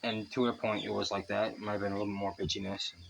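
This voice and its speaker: A man's voice: fairly low pitch, level tone, fast, vocal fry, background noise. A young man telling a long rambling story in a casual vlog, cursing freely as he talks. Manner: rambling, profane, chatty. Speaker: vlogger. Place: outdoors by the water.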